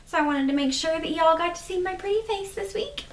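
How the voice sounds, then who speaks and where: A woman's voice: very high-pitched, a little fast, reverberant. A young woman hosting her podcast in a casual chat, a little stuffy from allergies, rambling with fillers. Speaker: podcast host.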